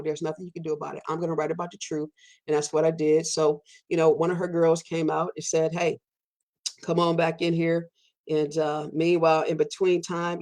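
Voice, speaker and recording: Fiery woman with a low voice. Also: creaky, darkish tone. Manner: fiery, repetitive, preacherly emphasis with sudden pitch jumps. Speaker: podcast host. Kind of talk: emphatic personal monologue.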